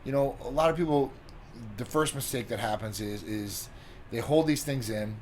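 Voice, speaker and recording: A man's voice: medium pitch, normal speed. Easygoing man co-host with faint hiss. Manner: relaxed, loose, many fillers like "you know" and "like". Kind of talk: casual chat.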